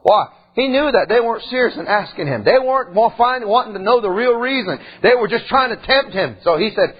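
A man preaching in a high, lively voice that climbs and dips all over. His talk is folksy and animated, peppered with asides to the congregation. The tone is slightly husky, and the recording sounds dull and lo-fi. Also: brisk, few pauses. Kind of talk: sermon.

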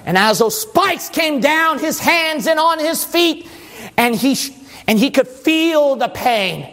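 A male preacher delivering a dramatic sermon, swinging into shouting and sing-song stretches. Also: extremely high pitch, expressive, slow pace. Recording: long hall reverb.

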